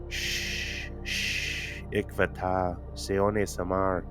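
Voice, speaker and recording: Guy reading a calm gentle woman, hushed and soothing, vowels lilt upward, low voice. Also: unhurried, over music. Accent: lilting, heavy upward inflection on vowels. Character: gentle, compassionate older woman healer.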